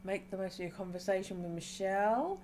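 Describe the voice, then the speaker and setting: A woman streamer reading a game's dialogue aloud and reacting with excited squeals between calmer reading. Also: medium pitch, fairly quick, slight background noise.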